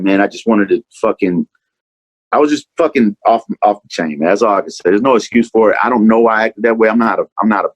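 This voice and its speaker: Blunt low-voiced rapper. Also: male voice, dry recording, rough recording. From Atlanta, USA. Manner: rambling, profane, peppered with "man" and "you know". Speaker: rapper, interview guest. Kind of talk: candid interview talk.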